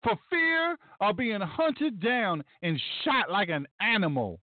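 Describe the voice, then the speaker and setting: A man's voice: sits high, sing-song, takes it slowly, dry recording, heavily acted. A man mimicking an insistent city preacher. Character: mocking caricature of a defiant male city preacher. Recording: dry, tinny phone-like sound.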